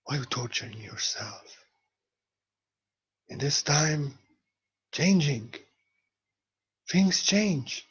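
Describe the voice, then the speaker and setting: A man's voice: a little high, husky, dull audio. A man giving an earnest spiritual talk in a vlog, repeating key phrases for emphasis. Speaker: spiritual teacher.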